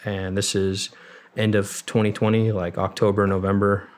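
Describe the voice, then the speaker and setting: A man's voice: lowish voice, little pitch movement, moderate pace. A young man in his twenties, a former Marine and podcast guest, recounting his service in a candid, rambling way with fillers and some swearing. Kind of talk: casual storytelling interview.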